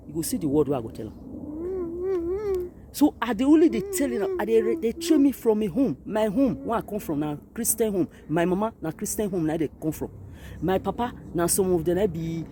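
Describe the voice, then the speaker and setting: A Nigerian woman with a Nigerian Pidgin English accent, talking to her camera at a cemetery, moving between quiet grief and loud, animated outbursts. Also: mid-range voice, fairly quick, a little hiss or hum. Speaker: vlogger. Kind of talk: emotional direct-to-camera monologue. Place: outdoors at a cemetery.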